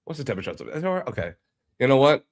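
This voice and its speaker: A man's voice: mid-range voice, expressive, very fast. A man chatting casually on a live stream while he works, muttering to himself and swearing offhandedly, sounding a little stuffy from pollen. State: sounds a bit sick from pollen. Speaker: livestreaming video editor.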